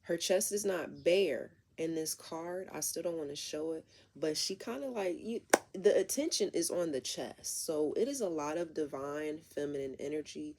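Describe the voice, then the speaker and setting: A woman's voice: low-pitched, normal speed, a little mellow, slight background noise. A woman doing a casual tarot reading who rambles and talks straight to her viewers. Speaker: tarot reader.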